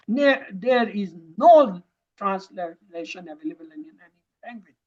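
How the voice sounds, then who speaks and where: A man teaching Arabic verb grammar for Quran study, explaining slowly and repeating words for emphasis. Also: extremely high pitch, animated, a little mellow. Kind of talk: classroom lesson. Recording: dull lo-fi recording.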